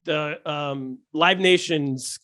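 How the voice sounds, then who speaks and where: A man, a stand-up comedian, telling animated, jokey stories as a podcast guest, with many restarts. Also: on the high side, drawn-out words, no echo, clean studio sound. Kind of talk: casual podcast storytelling.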